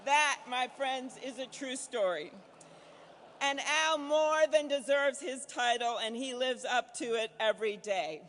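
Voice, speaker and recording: A middle-aged woman from Minnesota giving a fundraiser dinner speech as a senator, building to punchy applause lines with a repeated refrain and slipping into brisk storytelling. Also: high-pitched, fairly bright tone, slight background noise. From Minnesota, USA. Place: large banquet hall. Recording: reverberant hall sound.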